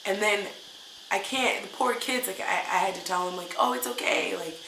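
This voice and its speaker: A woman's voice: medium pitch, normal speed, bright, forceful tone, slight background noise. A woman teacher venting in a casual vlog, upset and full of hesitant fillers. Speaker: English teacher. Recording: roomy echo.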